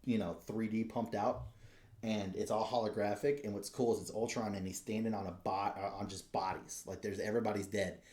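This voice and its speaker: A man co-hosting a podcast, telling stories in an excitable, profane casual chat. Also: fairly low pitch, brisk, echoey room. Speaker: podcast co-host.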